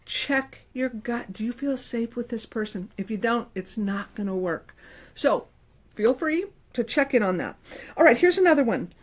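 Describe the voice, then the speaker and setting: A middle-aged woman counselor talking casually to the camera, animated and emphatic, with playful quoted asides. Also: on the high side, normal speed. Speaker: licensed professional counselor. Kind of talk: casual advice talk to camera.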